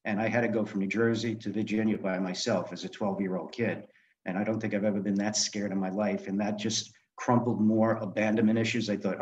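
A man's voice: fairly low pitch, little pitch movement, fairly quick, darkish tone, muffled recording. An older man, a guest author, telling candid stories from his life in a blunt, swearing way, laughing now and then. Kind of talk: storytelling interview.

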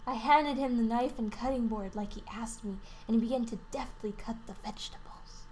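High-voiced woman reading a game aloud. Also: brisk, darkish tone, a little hiss or hum. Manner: laughing, crude joking asides. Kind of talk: casual let's-play reading.

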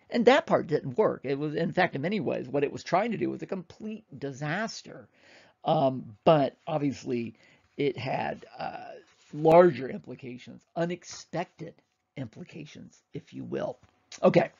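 A man's voice: on the high side, lively intonation, normal speed, vocal fry, darkish tone, muffled recording. A man giving a casual, rambling history lecture, often correcting himself and acting out quotes.

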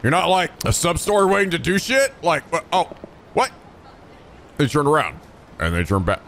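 A man hosting a let's play, commenting with excitable, shouty, profane jokes. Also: fairly high pitch, moderate pace, slight background noise. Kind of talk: gaming commentary.

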